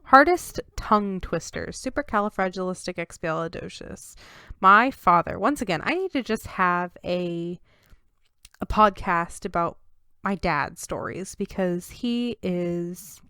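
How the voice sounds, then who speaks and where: A woman's voice: on the low side, expressive, unhurried, pushed and bright, smooth, no echo, studio quality. A young woman hosting a casual solo podcast, laughing at herself as she stumbles through tongue twisters. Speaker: podcast host.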